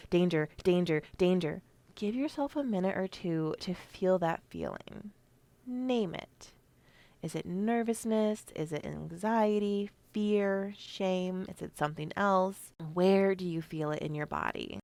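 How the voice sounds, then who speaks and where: A woman's voice: on the low side, vocal fry, no room sound. A young adult woman hosting a solo podcast, speaking candidly with casual swearing and frequent laughs. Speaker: podcast host.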